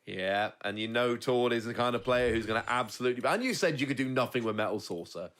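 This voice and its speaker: A man commentating a competitive card game, calmly explaining each play and the players' options. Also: mid-range voice, fast. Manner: analytical, explains play step by step.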